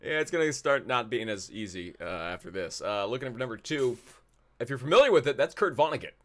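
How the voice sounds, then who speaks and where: A man's voice: mid-range voice, animated, fairly quick, fairly bright tone. Man, trivia host, casual and jokey, rambles and repeats lines. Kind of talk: casual live trivia hosting.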